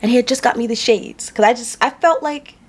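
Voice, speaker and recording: Woman, tired, higher-pitched voice, casual to-camera storytelling, emphatic repeats. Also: a little fast, breathy edge. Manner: emphatic, repeats lines for effect. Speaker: vlogger and makeup artist.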